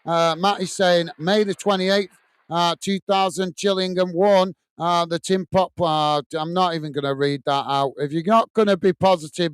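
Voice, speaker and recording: A man's voice: high-pitched, steady tone, normal speed, clean tone, dry recording. A man hosting a football watch-along, casually reading out and thanking viewers' comments with lots of fillers. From United Kingdom. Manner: chatty, friendly, many fillers, thanks viewers by name. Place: home studio room.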